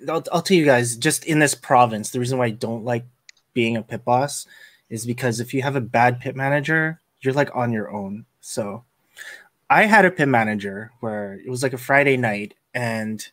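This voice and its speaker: A man hosting a casual podcast, telling work stories with lively acted-out quotes. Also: mid-range voice, normal speed, no echo. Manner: animated storyteller acting out quoted lines. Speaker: podcast host, casino dealer.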